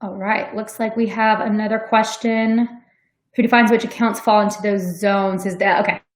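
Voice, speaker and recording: A woman fields audience questions during an online webinar, speaking in a relaxed, conversational way with plenty of ums and likes. Her voice sits at an ordinary middle pitch. The sound is roomy, with a clear echo around her. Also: normal speed. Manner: conversational, frequent "um" and "like", laughs easily. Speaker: sales development manager on a webinar. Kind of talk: webinar Q&A, casual explanation. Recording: echoey room.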